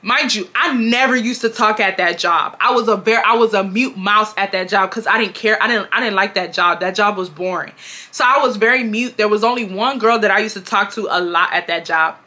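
A woman's voice: medium pitch, brisk. A young woman, animatedly retelling a work story with lots of swearing. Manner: animated, profane, exasperated retelling. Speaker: vlogger telling a storytime. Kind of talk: casual storytime chat.

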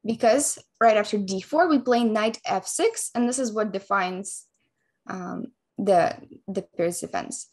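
A woman chess coach calmly and methodically explaining a chess opening, move by move. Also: medium pitch, measured pace. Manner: calm, methodical explanation of moves.

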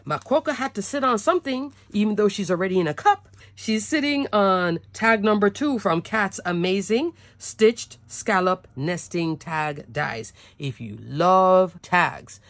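A woman's voice: lowish voice, dry recording. A woman narrating a cardmaking product showcase in a bubbly, gushing manner. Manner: bubbly, gushing, repeats "love" and "so cute". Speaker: cardmaking demonstrator.

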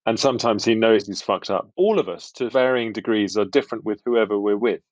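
This is a fairly low male voice, a little quick, recorded dry with no echo and somewhat dull audio. The speaker, a middle-aged actor from England with a British accent, is a guest in a relaxed interview, joking wryly at his own expense.

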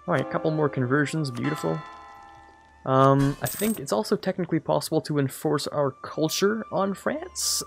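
Gravelly man rambling over a strategy game. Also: fairly high pitch. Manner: rambling, self-correcting, jokey asides. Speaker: let's play host. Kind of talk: casual gameplay commentary.

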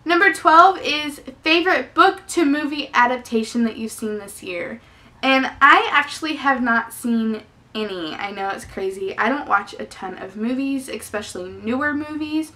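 A woman's voice: high-pitched, expressive, moderate pace, bright, forceful tone. A young woman chatting casually on a book vlog, effusive and talkative, full of fillers. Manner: chatty and effusive, lots of "definitely" and "like". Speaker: book vlogger.

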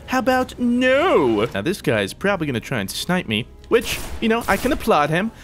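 A man's voice: high voice, huge pitch swings, normal speed, a bit bright, faint music behind. A young man giving jokey gameplay commentary, talking to opponents and himself as he plays. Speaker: gaming YouTuber.

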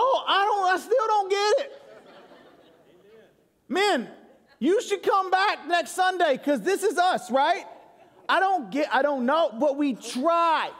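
High-voiced joking pastor in a reverberant church. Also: male voice. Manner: joking, crowd-engaging storytelling. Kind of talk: sermon. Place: church sanctuary. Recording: long hall reverb.

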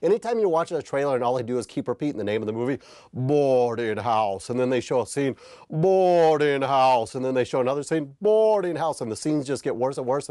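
A man hosts a comedic review of a bad film, ranting with sarcastic energy and casual swearing. His voice sits at an ordinary middle pitch. The recording is dry, with no room sound around him. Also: mellow, dry recording. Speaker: host.

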